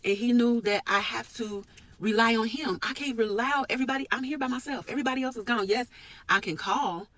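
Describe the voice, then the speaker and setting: A woman talking earnestly about her work and her faith in a personal vlog, with sudden lifts in pitch and force. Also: fast, a bit bright, no room sound, low-quality recording. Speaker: medical worker sharing a personal reflection.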